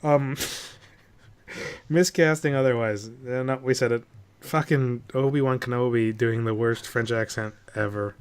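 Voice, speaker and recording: A man's voice: unhurried, clear, resonant tone. A man co-hosting a casual movie podcast, ranting and swearing as he picks apart a film. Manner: animated ranting, swears, mocks with sudden pitch jumps. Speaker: podcast co-host. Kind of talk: casual movie review chat.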